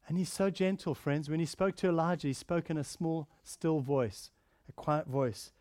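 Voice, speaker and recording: An earnest male preacher with a fairly high voice delivers a sermon, pressing hard on key phrases before easing into soft, hushed stretches. The sound is close and dry, with no room around it. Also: fairly even intonation, moderate pace, no echo. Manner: earnest preaching, rising to emphatic then dropping soft and quiet.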